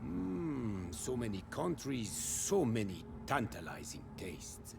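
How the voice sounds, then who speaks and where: A decadent French vampire nobleman, savoring each word in a theatrical purr, his pitch swinging widely. He speaks with a French accent over a steady hiss of game ambience. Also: slow pace, gravelly, full character voice. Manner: theatrical, purring, relishing every word. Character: decadent, gleeful male French vampire aristocrat. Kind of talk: video game voice acting.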